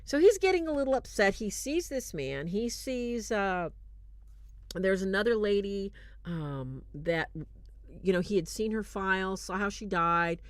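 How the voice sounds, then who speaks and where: A woman hosting a show, retelling a film in casual, animated commentary with fillers and restarts, turning earnest when she draws lessons. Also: medium pitch, a little slow, no echo. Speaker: host reviewing a film.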